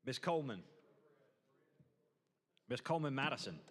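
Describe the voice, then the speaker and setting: A man serving as senate secretary, calling the roll name by name in a measured, even delivery. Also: medium pitch, slightly rough. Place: large legislative chamber. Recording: long reverb of a large hall.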